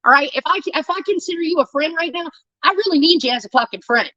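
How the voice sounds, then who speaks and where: High, bright woman ranting heatedly. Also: lively intonation, quick pace, no echo, muffled recording. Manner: profane, heated, defensive. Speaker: livestreamer. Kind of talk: angry ranting monologue.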